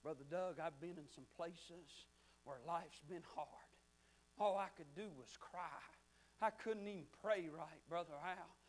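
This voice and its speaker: A man preaching a sermon with fervent swings from shouting to hushed near-whispers, talking straight to his listeners. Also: fairly high pitch, unhurried. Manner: conversational, addresses listeners as friend.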